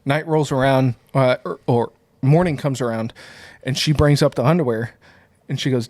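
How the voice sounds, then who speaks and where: A man's voice: medium pitch, fairly even intonation, normal speed, a little mellow, dry recording. A man co-hosting a podcast, telling a family story in a casual, rambling way with plenty of fillers and restarts. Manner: rambling anecdote teller with frequent fillers. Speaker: podcast co-host.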